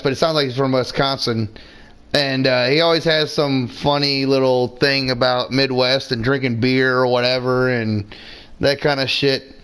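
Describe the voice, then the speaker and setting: A man's voice: a little high, a bit bright, clear, resonant tone. Rambling, profane man mid-game. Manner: rambling, profane, laid-back. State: drinking beer, several drinks in. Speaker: gamer streaming his play. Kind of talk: casual gameplay commentary.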